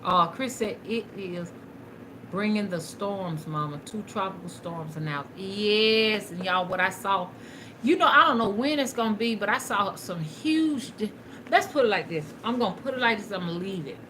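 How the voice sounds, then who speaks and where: A woman's voice: medium pitch, lively intonation, normal speed, bright, forceful tone, slight background noise, poor audio. A woman, rambling and chatting casually to her viewers during a live stream while she works, with some cussing. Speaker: spiritual reader hosting a live stream.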